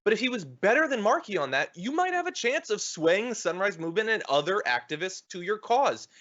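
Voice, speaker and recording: Lively bright-voiced male show host. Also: sits high, lo-fi sound. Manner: animated, laughs often, quick asides. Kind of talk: political commentary chat.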